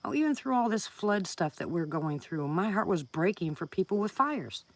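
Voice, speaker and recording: A woman's voice: mid-range voice, sing-song, moderate pace, no echo. A woman hosting a casual live stream from home, chatting with viewers, greeting them by name and laughing often.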